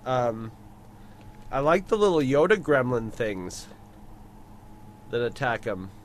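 Enthusiastic man with halting talk. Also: mid-range voice, sing-song, slight background noise. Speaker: podcast co-host. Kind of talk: casual chat.

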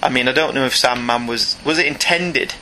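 A man's voice: medium pitch, a little fast, slight background noise. A British man chatting casually and jokingly as a podcast co-host discussing comics. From Britain. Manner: chatty, jokey, animated.

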